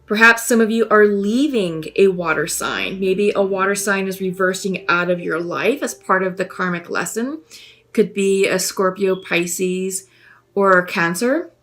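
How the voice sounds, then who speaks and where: A woman giving a spoken tarot reading, musing and gentle, pausing often with fillers as she thinks aloud. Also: medium pitch. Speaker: tarot reader.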